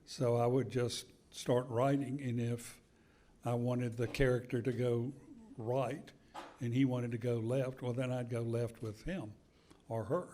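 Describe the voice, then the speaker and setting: Older man, author, unhurried storyteller, pauses often, live book event. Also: mid-range voice, steady tone, dark tone, slight background noise. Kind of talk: conversational book talk. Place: event hall with an audience.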